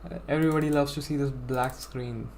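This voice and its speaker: A man's voice: mid-range voice, fairly even intonation, fairly quick, vocal fry, darkish tone, a little hiss or hum. A young man live-streaming a game from his home setup, chatting casually and rambling to his viewers with lots of "bro" and "like". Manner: chatty, rambling, self-deprecating, says "bro" and "like".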